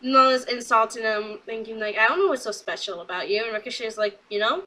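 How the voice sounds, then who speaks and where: Young female reviewer, casual recap, high-pitched and bright, excitable, acts out quotes. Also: low-quality recording. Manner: chatty and excitable, quoting people in quick asides. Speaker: wrestling show reviewer.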